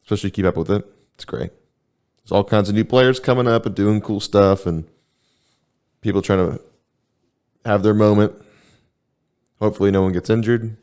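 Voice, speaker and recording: A young man co-hosting a podcast, chatting casually with a relaxed, rambling, deadpan manner. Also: on the low side, moderate pace, pauses often, clear, resonant tone. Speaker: podcast co-host. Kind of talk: casual chat.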